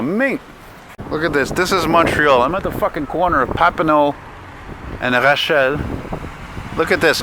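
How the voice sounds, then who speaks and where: Street traffic and wind fill the background as a man with a mid-range voice walks through the city, chatting to his camera. He's chatty but grumbling and swearing throughout this casual vlog, recorded on a handheld camera mic outdoors.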